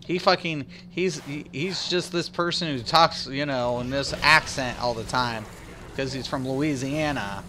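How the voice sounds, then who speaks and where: A man streaming a game, chatting casually and excitedly with his viewers, with lots of restarts and fillers. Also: mid-range voice, a little slow, slight background noise. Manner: rambling, excitable, talks back to chat. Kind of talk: casual live-stream chat.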